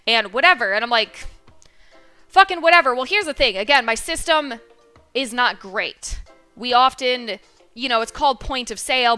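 A woman telling an exasperated, swear-heavy story about a slow customer at her retail job. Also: sits high, pushed and bright, smooth. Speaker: streamer telling a work story. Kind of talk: casual storytelling rant.

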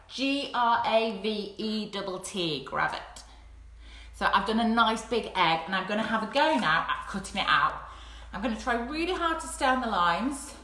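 A woman with a bright, sharp tone guides small children through a craft project, gentle and encouraging as she talks. She is recorded on a phone at home, and the room is echoey with a faint hiss behind her. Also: a little high. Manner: gentle, encouraging, speaking slowly to young children. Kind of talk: live-streamed play-along craft session. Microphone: phone camera.

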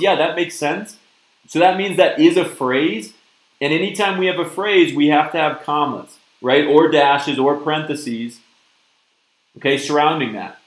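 A man's voice: fairly high pitch, roomy sound, low-quality recording. A man teaching a live-streamed test prep lesson, upbeat and often checking in with "okay?" and "right?". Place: virtual classroom stream.

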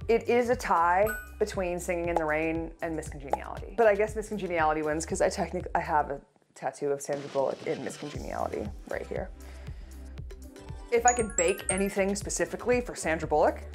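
Playful woman hosting a baking show. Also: mid-range voice. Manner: playful, jokey, chatty asides. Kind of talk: casual chatty baking tutorial.

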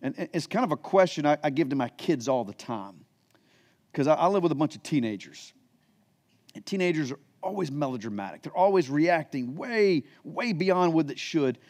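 A middle-aged man delivers a sermon as a pastor, with a fairly high-pitched voice. He tells the story in plain, modern words and reads scripture aloud along the way. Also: expressive, normal speed, a little mellow. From United States.

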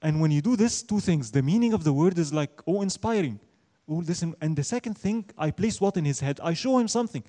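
A man teaching an Islamic studies class, lecturing emphatically, asking and answering his own questions and reciting Arabic verses quickly. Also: fairly high pitch, lively intonation, warm tone.

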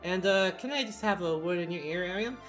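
A man's voice: sits high, a little fast, fairly bright tone, faint music behind. A man voicing a posh, teasing young prince in a game read-along, chummy and confiding. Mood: friendly.

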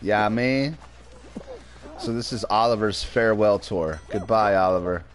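A man's voice: fairly low pitch, steady tone, moderate pace. A man streaming a game, chatting casually with viewers and his pet. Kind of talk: casual livestream chat.

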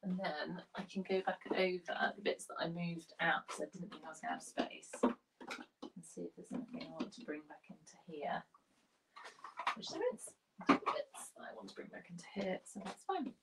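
A woman's voice: fairly low pitch, normal speed, recorded from a distance, very noisy. A British woman in her thirties chatting casually and mocking herself as she tidies a bedroom chest of drawers. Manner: chatty, self-mocking, talks to herself while sorting. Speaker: decluttering vlogger and lifestyle coach. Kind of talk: casual chat while tidying. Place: bedroom at home.

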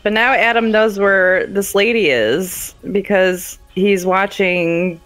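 A woman's voice: medium pitch, fairly even intonation, slow pace, fairly bright tone, soft background music, rough recording. A woman chatting beside a game stream, asking questions, teasing and laughing. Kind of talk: casual game-stream chat.

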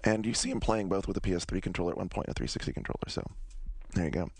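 A man co-hosting a podcast, chatting excitedly about game news and moving between topics. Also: low-pitched, rapid-fire, slightly rough, dry recording. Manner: excited, news-reading segues. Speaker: podcast co-host. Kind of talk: casual chat.

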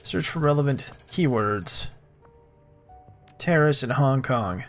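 A man's voice: medium pitch, slow pace, faint music behind. Man casually narrating a video game. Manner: relaxed, thinks aloud with fillers. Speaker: let's play host. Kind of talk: casual game commentary and reading game text aloud.

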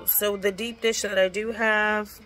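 Slow-talking blunt woman vlogger. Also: mid-range voice, a bit bright. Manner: blunt, chatty, swears freely; talks with lips barely open. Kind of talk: casual home vlog. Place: home kitchen.

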